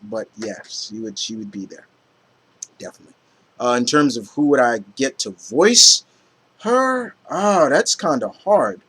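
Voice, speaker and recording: A man chatting casually to camera in an excited, rambling way, with many fillers and restarts. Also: medium pitch, measured pace, breathy edge. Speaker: vlogger. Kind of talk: casual chat.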